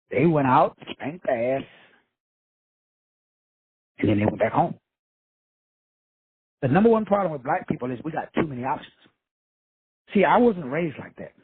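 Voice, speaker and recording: Very husky high-voiced man, tinny phone sound. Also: big pitch swings, measured pace, long pauses, no room sound. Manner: blunt, profane, streetwise preaching. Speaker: motivational speaker, show host. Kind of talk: casual motivational monologue. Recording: dry, tinny phone-like recording.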